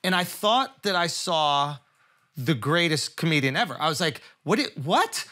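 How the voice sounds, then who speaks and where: A male comedian in casual conversation, telling a story in an excited, profane way. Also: on the high side, moderate pace. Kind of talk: casual chat.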